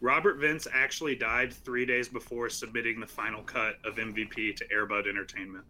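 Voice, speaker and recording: A man's voice: lowish voice, steady tone, brisk, pushed and bright, a little hiss or hum. A man co-hosting a casual movie podcast, joking and deadpanning mock-serious bits. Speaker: podcast co-host. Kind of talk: casual chat.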